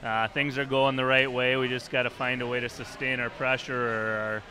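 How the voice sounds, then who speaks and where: A man's voice: medium pitch, little pitch movement, normal speed. A man speaking as an assistant hockey coach, answering questions plainly and steadily in a restaurant. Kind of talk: casual interview answers.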